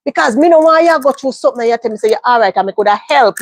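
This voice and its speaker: A woman's voice: a little high, animated, rapid-fire. A woman, giving emphatic life advice in a casual livestream monologue and repeating phrases for stress. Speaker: livestream host.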